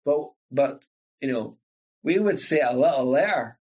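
A man from Northern Ireland with an Ulster Scots accent, a guest telling lively stories about language, often repeating his words. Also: medium pitch, unhurried, breathy edge, dull audio. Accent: Northern Irish, Ulster Scots. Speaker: guest, linguist. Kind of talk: storytelling conversation.

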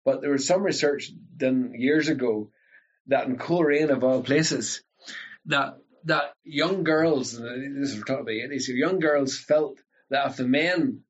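A man from Northern Ireland with an Ulster Scots accent, a guest telling lively stories about language, often repeating his words. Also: medium pitch, moderate pace, breathy edge, dull audio. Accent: Northern Irish, Ulster Scots. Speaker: guest, linguist. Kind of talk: storytelling conversation.

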